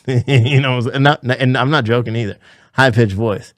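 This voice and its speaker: A man telling a gym story in a put-on Southern accent, excited and profane. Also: mid-range voice, a little slow, no echo, voice pushed down, natural voice. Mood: amused. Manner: excited, profane, laughing, animated. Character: himself as a worked-up Southern gym guy. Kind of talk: comic storytelling.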